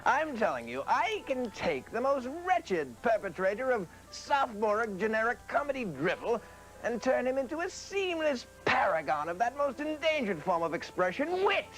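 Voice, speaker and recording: A pompous, scheming professor in a sketch, his plummy posh voice riding high and swooping all over. Faint music sits behind him. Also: big pitch swings, moderate pace, fairly bright tone, heavily acted, poor audio. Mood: grandiose. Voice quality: plummy mid-Atlantic posh accent. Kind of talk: parody sketch acting.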